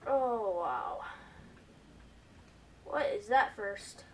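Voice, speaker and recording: A woman hosting a gaming video, giving excitable gameplay commentary and often calling out to her viewers. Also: mid-range voice, extremely slow, distant mic, slight background noise. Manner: excitable, keeps addressing viewers as "guys".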